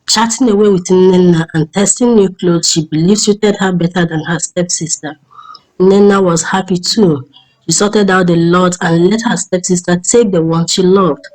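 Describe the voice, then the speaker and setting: Lady reading a folk tale, lowish voice, steady and measured. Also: low-quality recording. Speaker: storyteller. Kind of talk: storytelling narration.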